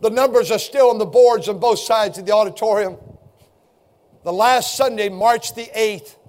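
An older man, a pastor, preaching an impassioned sermon that rises at times into shouting. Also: high voice, moderate pace. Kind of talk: fiery sermon.

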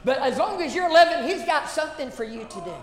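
A woman's voice: high voice, animated, quick pace. A woman pastor preaching a sermon, emphatic, repeating phrases and calling out questions to the congregation. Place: church sanctuary. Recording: echoey church hall reverb.

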